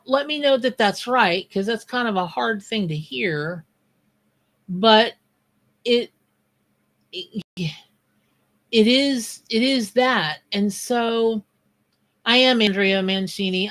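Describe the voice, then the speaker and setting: A woman hosts a live tarot stream in an easy, drawn-out pace. She is blunt and plain-spoken, mixing card readings with chatty asides to viewers. Her voice sits in a middle register. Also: medium pitch, a bit bright. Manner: blunt, straight-talking, greets viewers by name. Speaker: tarot reader and psychic.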